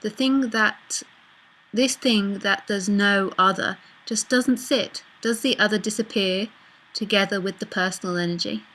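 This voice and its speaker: A woman's voice: medium pitch, measured pace, a bit bright, poor audio. A middle-aged woman spiritual teacher speaking casually and bluntly in a live online talk. She answers viewer messages, swears now and then and laughs often.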